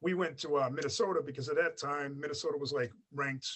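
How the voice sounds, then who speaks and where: Speaking fast in a steady, fairly high, somewhat bright and husky voice, a guest in his forties rambles through his story in a casual interview, filling it with fillers. His accent mixes American and Australian, since an American family raised him in Australia.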